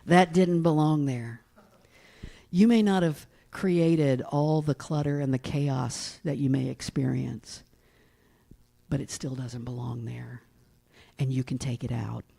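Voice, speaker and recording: A woman's voice: very deep voice, steady tone, a little slow, gravelly, dark tone, slightly rough. A middle-aged woman pastor from East Tennessee giving a folksy, storytelling sermon and often asking her congregation "right?".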